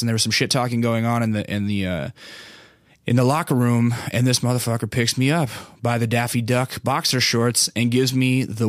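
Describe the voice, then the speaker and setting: A man's voice: medium pitch, dry recording. A man in his thirties hosting a podcast, telling a rambling, profane story in a casual chat style, with lots of fillers, on a close mic. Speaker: podcast host.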